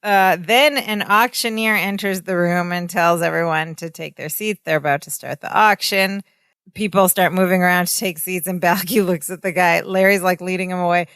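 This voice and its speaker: A woman's voice: on the low side, fairly even intonation, a bit bright, clear, resonant tone, no echo, studio quality. A woman in her forties co-hosting a podcast, chatting casually as she recaps a sitcom episode. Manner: chatty, retells scenes with quick voices. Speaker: podcast co-host.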